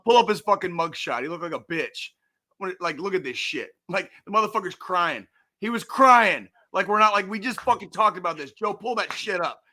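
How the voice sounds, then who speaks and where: A man co-hosting a veterans' podcast, ranting and swearing loudly through casual chat. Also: high voice, expressive, a little fast. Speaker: podcast co-host.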